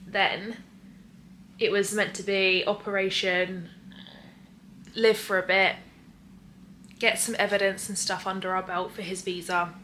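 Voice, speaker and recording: A woman's voice: mid-range voice, little pitch movement, unhurried, long pauses, bright, forceful tone, slight background noise. A young woman vlogger chatting casually in a Q&A, telling a story with lots of fillers and restarts. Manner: rambling, filler-heavy storytelling. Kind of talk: casual Q&A chat.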